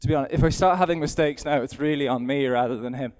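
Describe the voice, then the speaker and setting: A middle-aged man with an Irish accent, an event rider, chats aloud self-deprecatingly while riding, giving live demonstration commentary. He talks fast in a mid-range, slightly mellow voice, and the arena adds long hall reverb.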